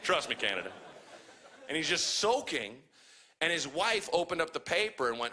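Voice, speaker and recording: Bright, animated stand-up comedian man. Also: a little high, normal speed, long pauses. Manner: profane, animated storytelling with acted-out voices. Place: comedy club stage.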